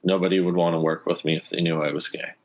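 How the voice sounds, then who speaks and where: A man from Canada with a slightly low voice speaks in a relaxed interview. He tells a personal story with earnest energy and briefly voices the people in it. He sounds like a former athlete in his thirties. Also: fast talker. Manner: earnest, animated, acts out quoted dialogue. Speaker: former pro hockey player, guest. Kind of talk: conversational storytelling.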